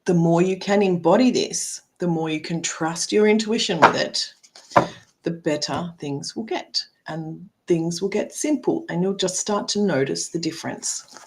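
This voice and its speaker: A woman's voice: on the low side, unhurried, noisy background. A middle-aged woman coach giving a live card reading, speaking emphatically, swearing freely, calling viewers by name and often tagging sentences with "right?". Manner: frequent tag "right?". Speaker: spiritual and business coach.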